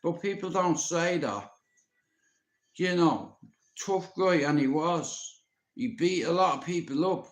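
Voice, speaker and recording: A man with a Dublin Irish accent and a high voice spins a rambling story for his livestream viewers, swearing freely and talking right at them. He sounds blunt and unpolished. The sound bounces around an echoey room. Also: animated, takes it slowly, pauses often. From Ireland. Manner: profane, blunt, talks directly to viewers. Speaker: livestream host. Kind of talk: rambling storytelling to a live audience.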